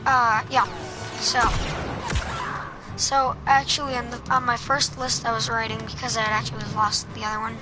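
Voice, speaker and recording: A woman's voice: fairly high pitch, level tone, moderate pace. A woman giving casual gameplay tips over a headset, hesitant and full of ums and restarts. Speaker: gameplay commentator. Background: game music and sound effects.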